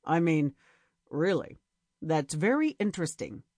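A low, smooth-talking charmer flirts in a storybook romance, as a woman narrator puts him on. His voice sits well below her own, teasing and slow. The sound is close and dry, with no room around it. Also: sing-song, a little mellow, no echo, full character voice. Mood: deepened. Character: flirtatious man, deep-voiced outdoorsy charmer.

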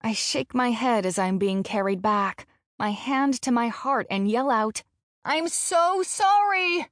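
A woman narrating a first-person audiobook in a slow, measured delivery, frank and casually profane. Her voice sits at a middling pitch and is recorded close on a studio mic. The sound is very dry. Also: dry recording.

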